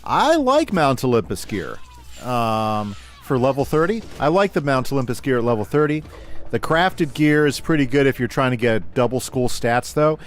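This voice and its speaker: Speaking at normal speed in a medium-pitched, very animated voice, this man streams a game live. He keeps up a casual back-and-forth with viewers, reading out their comments and narrating each move he makes.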